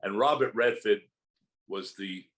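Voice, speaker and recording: A man's voice: fairly low pitch, unhurried, rough recording. An older man, an actor, telling stories in a casual interview and acting out what others said to him. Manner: animated anecdotes, acting out quotes from others.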